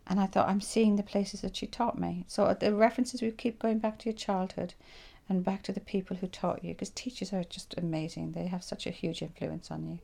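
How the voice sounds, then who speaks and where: Irish lady in her 60s, bit of gravel in a low warm voice, tells her life story like she's reliving it. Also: fairly quick, few pauses. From Ireland. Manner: animated storyteller who acts out her own past thoughts. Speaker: interviewee recalling her life. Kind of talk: reflective personal storytelling.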